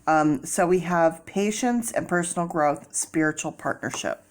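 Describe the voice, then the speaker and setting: A woman's voice: deep voice, a little slow. A woman doing a casual tarot reading, chatty and rambling, with many fillers and restarts as she explains her method. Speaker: tarot reader.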